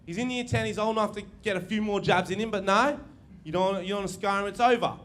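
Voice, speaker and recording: A young Australian man doing a crude, brash live stand-up routine, telling stories with quick asides. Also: high voice, steady tone, a bit bright. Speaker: stand-up comedian. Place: comedy venue stage.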